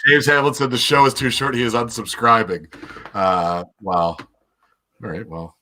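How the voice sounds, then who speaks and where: A man's voice: medium pitch, fairly even intonation, normal speed, bright, forceful tone. A man hosting a fan podcast, chatting casually and joking as he wraps up the episode. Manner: jokey, wraps up the show. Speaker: podcast host. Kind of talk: casual chat. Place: home, remote call.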